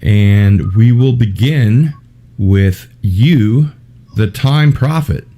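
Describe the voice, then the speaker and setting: Low mellow male trivia host. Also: drawn-out words. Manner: chatty, jokey, laughs often. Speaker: host of a trivia game show. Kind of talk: casual online game show hosting.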